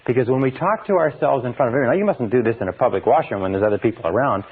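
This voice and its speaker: An earnest man gives a self-help lecture, repeating phrases for emphasis and dropping his voice low and slow to model affirmations. His voice sits at an ordinary middle pitch. The sound is thin and tinny, like an old phone line. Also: husky. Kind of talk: motivational lecture.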